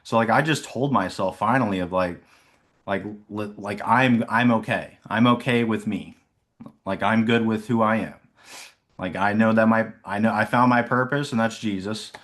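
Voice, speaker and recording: Low-voiced young man sharing his story. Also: moderate pace, fairly bright tone. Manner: rambling, many "like" fillers, laughs often. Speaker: insurance sales agent. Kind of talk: casual reflective talk. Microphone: video call.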